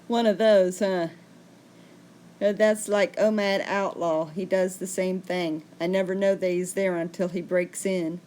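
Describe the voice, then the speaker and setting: A woman's voice: lowish voice, fairly even intonation, takes it slowly, a little mellow. A woman hosting a casual livestream, chatting and answering viewer comments. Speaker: livestream host.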